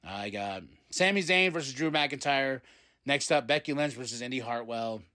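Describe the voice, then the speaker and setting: A man's voice: medium pitch, sharp tone. A man hosting a podcast, casually recapping a wrestling show and acting out what the wrestlers said. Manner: rambling, acts out quotes in quick voices. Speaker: podcast host.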